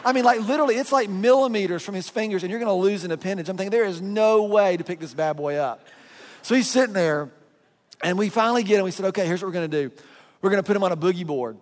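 Pastor, male, high voice, lively storyteller who acts out voices in a sermon, long reverb from a large hall. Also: fast. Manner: animated storyteller, acting out voices.

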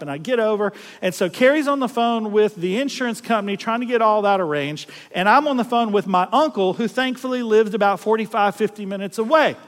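A middle-aged South Louisiana man delivers a storytelling sermon, folksy and animated, doing voices and laughing at himself. His voice is high, and a long reverb tail trails each line.

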